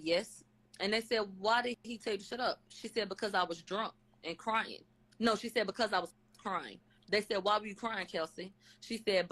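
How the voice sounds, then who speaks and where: A woman talking into her webcam on a live stream, recapping testimony in a loose, chatty way. She strings together "they said" and "she said" with fillers like "um", dropping in blunt side comments. Her voice sits at a middle pitch for a woman. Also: a bit bright, low-quality recording. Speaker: channel host recapping a court hearing. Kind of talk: casual live-stream retelling. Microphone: webcam or phone on a live stream.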